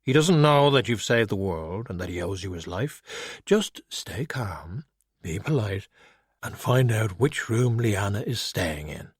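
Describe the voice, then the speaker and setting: A man voicing a calm, dry-witted skeleton detective who speaks in a measured, deadpan way. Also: fairly low pitch, breathy edge, no room sound.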